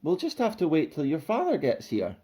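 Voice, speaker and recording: Storybook: man doing gentle, polite giant mother monster, mellow. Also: on the high side, wildly swooping pitch, fairly quick, husky, voice pushed up, full character voice. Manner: polite and mild. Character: huge but gentle female monster, a mother.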